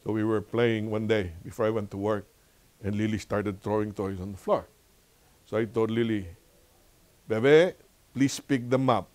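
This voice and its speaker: An older man with a Filipino accent leading a church Bible lesson, telling stories with lively, preacherly repetition. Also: on the low side, moderate pace. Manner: animated storytelling, laughs often. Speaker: Bible study teacher.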